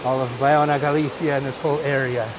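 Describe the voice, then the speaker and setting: A man's voice: medium pitch, little pitch movement, fast talker, noisy background. A Canadian-raised man hosting a live-streamed walking tour outdoors on a coastline, chatting and pointing out the sights as he walks. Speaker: host.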